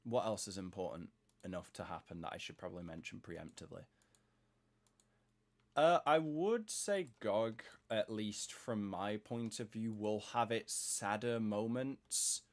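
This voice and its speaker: Low-voiced man musing while he builds. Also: steady tone, a little slow. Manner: rambling, talks to himself while working. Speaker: streamer building in a game. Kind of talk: casual thinking-aloud commentary.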